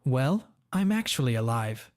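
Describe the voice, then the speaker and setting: A man's voice: medium pitch, very animated, measured pace, darkish tone, dry recording, clean studio sound. A man voicing a blunt, confrontational middle-aged father in a story reading. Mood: angry.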